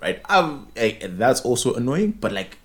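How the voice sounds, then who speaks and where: A man's voice: medium pitch, very animated, normal speed. A young Zimbabwean man whose first language is Ndebele, telling a story in casual chat and acting out both sides of a phone call.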